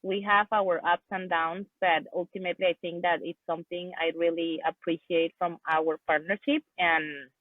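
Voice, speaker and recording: A woman's voice: lowish voice, flat delivery, normal speed, few pauses, no echo. A woman who is a business partner, a guest in an interview, answering hesitantly over a remote call, with many restarts and "like". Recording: tinny phone-like line.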